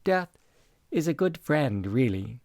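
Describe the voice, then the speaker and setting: A man reading the part of a dying elderly mother, speaking softly and tenderly. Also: medium pitch, big pitch swings, slow pace, no room sound, studio quality. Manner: soft, tender, reflective.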